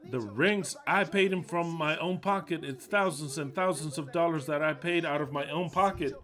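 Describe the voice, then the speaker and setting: A man interpreting a preacher live, his voice sitting a little high. He talks in an agitated, emphatic way, swearing and repeating lines for force. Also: moderate pace, few pauses, a bit bright. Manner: agitated, cursing, emphatic repetition. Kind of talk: live spoken interpretation of a heated sermon talk.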